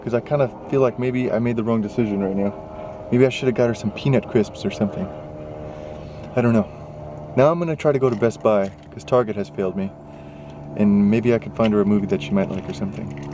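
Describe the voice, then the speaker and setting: A man's voice: on the low side, brisk, noisy background. A young man talking casually in a vlog, rambling and worked up, full of fillers and asides. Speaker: vlogger. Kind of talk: casual chat. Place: partly in a car.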